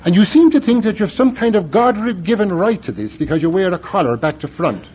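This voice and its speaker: A man's voice: high voice, lively intonation, brisk, slightly rough, pitched above the performer's own voice. A man doing a blunt, hostile young man. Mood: accusing. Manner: blunt, accusing. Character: hostile young man around twenty, confronting. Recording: dull lo-fi recording.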